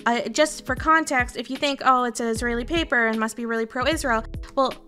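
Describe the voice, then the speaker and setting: A woman's voice: a little high, a little fast, bright, forceful tone, faint music behind. A Canadian woman streamer talking casually to her viewers, candid and rambling, swearing freely. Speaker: VTuber streamer.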